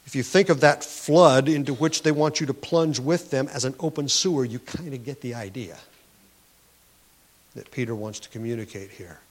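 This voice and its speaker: A man preaching a sermon, explaining scripture in an earnest teaching tone, with frequent restarts and words stressed for emphasis. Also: mid-range voice. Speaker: pastor.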